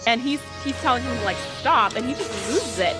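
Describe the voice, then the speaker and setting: A woman co-hosting a podcast recaps an episode in casual chat, animatedly acting out her own reactions. Her voice is fairly high and fairly quick, heard over loud music.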